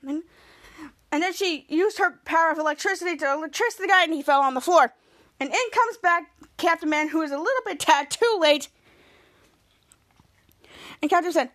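High-voiced woman retelling a TV episode. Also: normal speed, pauses often, fairly bright tone. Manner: retells scenes by quoting characters, with restarts and "cut to". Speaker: podcast host recapping a TV episode. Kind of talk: casual recap narration.

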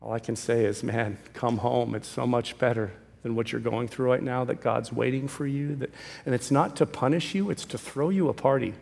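A male pastor preaching a sermon, emphatic, swinging from loud calls to hushed pleas. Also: medium pitch, normal speed, creaky. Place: church sanctuary. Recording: long reverb of a large hall.

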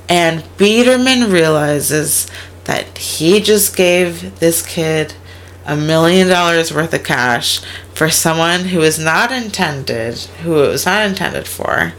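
Slow-talking woman retelling a film. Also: on the low side. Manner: animated storytelling, acts out characters' lines, swears and laughs often. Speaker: podcast co-host recapping a movie. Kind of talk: casual chat.

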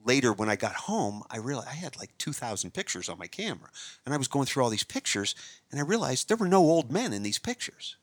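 A man's voice: medium pitch, quick pace, dry recording. A man from Northeast Ohio, a magician, telling stories in a casual interview with jokey asides. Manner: animated storyteller, jokey asides. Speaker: magician guest.

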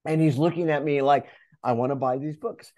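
A man who coaches and speaks in public, telling a story as an interview guest, animated and acting out his inner voice, with many restarts. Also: a little high, fairly quick. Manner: animated, acts out inner dialogue.

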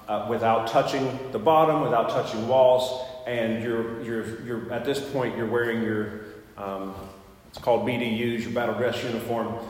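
A man preaches in a chatty, storytelling way, stumbling over fillers and restarting his phrases. His mid-pitched voice rings out through a large church sanctuary with a long, echoing reverb. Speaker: pastor. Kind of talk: sermon with personal story.

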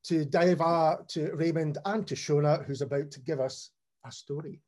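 A man hosting a talk show, wrapping things up with friendly thanks. His voice sits a bit higher than most men's. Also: moderate pace, darkish tone. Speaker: podcast host.

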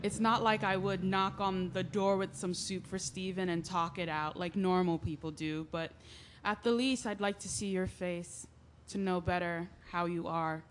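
A woman's voice: on the low side, steady tone, moderate pace, hardly any pauses, slight background noise, close to an everyday voice. A woman playing a concerned neighbor. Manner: gently concerned, direct. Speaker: Lia, the neighbor. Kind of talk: audio drama acting.

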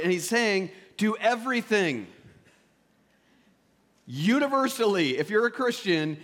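A man preaching a sermon as pastor, swinging between loud emphatic peaks and quiet, intimate asides. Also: a little high.

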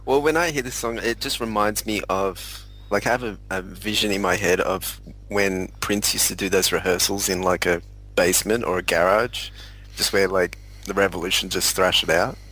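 A man's voice: low-pitched, steady tone, normal speed, bright, forceful tone, poor audio. A man in a casual music discussion, earnest and explanatory, with many likes and you knows. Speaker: podcast panelist.

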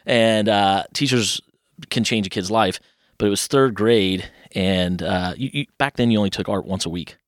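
A man's voice: fairly low pitch, moderate pace, dry recording, clean studio sound. A man in his thirties from Kentucky, a podcast guest telling rambling childhood stories and animating the voices of people he quotes. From Louisville, Kentucky. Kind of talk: casual interview storytelling.

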